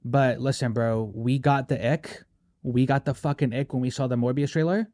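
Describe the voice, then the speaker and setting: A man hosting a casual podcast chat, talking animatedly and tossing in "bro" and "right?" all the time. His voice sits at an ordinary middle pitch. The sound is dry and close, with no room echo. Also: steady tone, moderate pace, a little mellow. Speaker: podcast host.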